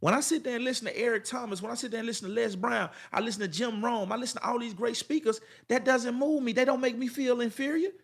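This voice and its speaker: Male motivational speaker, high register, emphatic and repetitive, casual street talk with a preacher's rhythm. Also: steady tone, fast, creaky, few pauses. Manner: colloquial, addresses viewers directly. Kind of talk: motivational monologue to camera.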